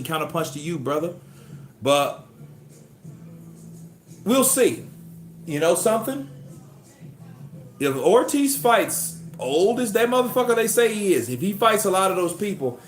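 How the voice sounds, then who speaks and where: A man hosting a livestream of boxing commentary, talking in an animated, profane and excitable way. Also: fairly high pitch. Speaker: host. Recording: roomy echo.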